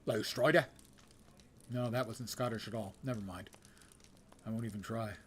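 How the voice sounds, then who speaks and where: A man's voice: fairly low pitch, steady tone, a little fast, slight background noise. An older man giving casual, wry commentary while streaming a game and reading quest text aloud.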